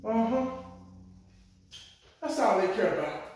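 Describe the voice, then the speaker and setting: A man's voice: high voice, lively intonation, slow pace, a little mellow, faint music behind. A man vlogging as a sports fan, ranting animatedly with plenty of profanity. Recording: very echoey room.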